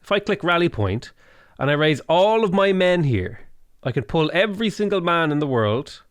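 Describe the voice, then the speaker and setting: A man talks through a strategy game in a rambling, joking way, often stopping and restarting his sentences. His voice swings widely up and down in pitch. The sound is dry, with no room echo. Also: big pitch swings, normal speed, clean tone. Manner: joking, rambling asides, self-interrupting. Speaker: gaming YouTuber.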